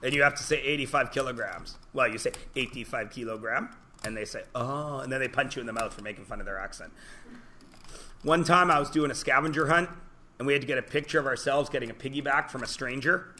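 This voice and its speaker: A man's voice: mid-range voice, fast, bright, forceful tone, slight background noise. A man teaching a classroom lesson, joking, telling stories and quizzing his students. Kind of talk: classroom lecture.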